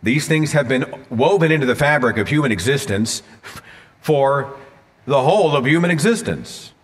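A man's voice: medium pitch, expressive, moderate pace. A man with an Oklahoma accent giving a live public talk, emphatic and dramatic, repeating phrases for effect. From Oklahoma, USA. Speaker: guest speaker. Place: lecture hall. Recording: reverberant hall recording.

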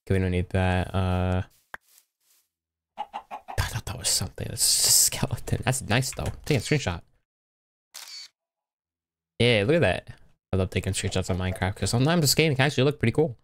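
A man's voice: fairly low pitch, expressive, moderate pace, pauses often, a little hiss or hum. A young man giving casual, rambling commentary while playing a block-building game, talking to himself as he goes. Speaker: gaming YouTuber. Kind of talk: casual Minecraft let's play commentary.

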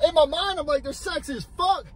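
A young man co-hosting a reaction video, joking crudely and animatedly, sometimes bursting into shouts. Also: extremely high pitch, a little fast. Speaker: reaction channel co-host. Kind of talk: casual crude banter.

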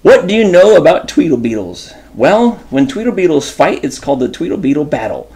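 A man's voice: on the high side, big pitch swings, fairly quick, warm tone, voice pushed up. A man doing a chatty tongue-twisting fox. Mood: playful. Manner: sing-song tongue-twister reading. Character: chatty playful fox in socks, storybook character.

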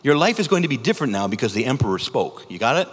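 A man, a priest, giving a conference talk in an animated, conversational way, full of rhetorical questions. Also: medium pitch, rapid-fire, breathy edge. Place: large conference hall. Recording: echoey conference hall.

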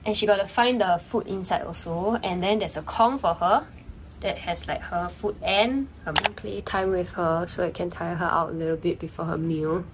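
A woman's voice: fairly low pitch, moderate pace, background noise. A young woman, chatting casually in a vlog and explaining things with lots of "like" fillers. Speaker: vlogger.

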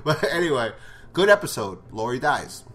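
A man's voice: medium pitch, very animated, normal speed, a bit bright, soft background music. A man recapping a TV episode in a casual, rambling way, swearing and laughing often. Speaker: show reviewer.

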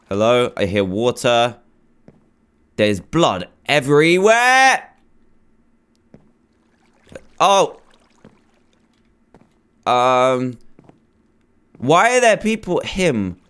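Man, horror game commentary, nervous and jumpy, smooth clear voice. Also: mid-range voice, animated, drawn-out words, pauses often, fairly bright tone. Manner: nervous, jumpy reactions and pleading. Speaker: gamer.

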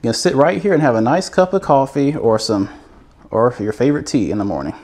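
Enthusiastic male home-tour host, lively up-and-down delivery, casual and chatty. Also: medium pitch, a little fast. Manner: enthusiastic, chatty, repeats words. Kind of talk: casual walkthrough narration. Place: inside a manufactured home show model.

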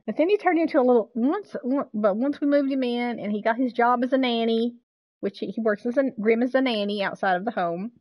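A woman streaming a game live, chatting casually with viewers, excitable and swearing freely. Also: on the high side, fairly quick, no room sound, highs cut off.

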